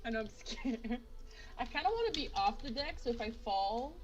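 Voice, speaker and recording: A woman playing in a tabletop game, excitable and swearing freely, laughing a lot. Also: a little high, normal speed, dull audio. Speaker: player. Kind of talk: casual tabletop play.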